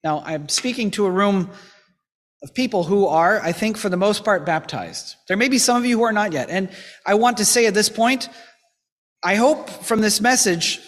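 A man's voice: high voice, a bit bright. A man preaching a sermon as a pastor, earnest and exhorting, with lightly humorous asides, in a church. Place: church sanctuary. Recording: long church reverb.

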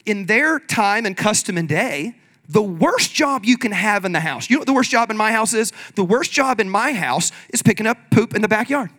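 A pastor preaches a sermon energetically and conversationally, leading the congregation in call-and-response. His voice sits high and moves at a normal speed.

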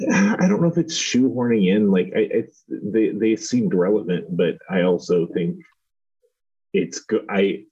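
Husky low-voiced man, halting. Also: lively intonation, mellow, lo-fi sound. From Southern Indiana. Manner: halting, hedging, many restarts. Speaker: podcast co-host. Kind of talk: casual TV review chat.

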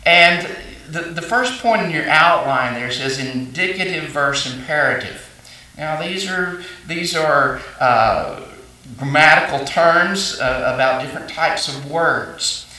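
Man preaching, bright voice, a bit high, heard from a distance in a roomy, echoey church. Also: measured pace. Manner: folksy storytelling with frequent fillers and restarts. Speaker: pastor. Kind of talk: sermon. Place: church sanctuary.

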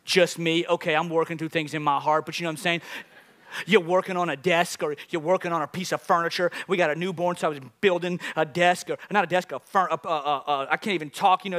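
A man who is a lead pastor, delivering a sermon to a congregation, moving from calm teaching to loud, emphatic preaching with call-outs to the crowd. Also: sits high. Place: church service before a congregation.

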